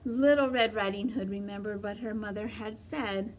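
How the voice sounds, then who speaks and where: A woman reading a children's storybook aloud in a slow, expressive way. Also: medium pitch, distant mic, slight background noise.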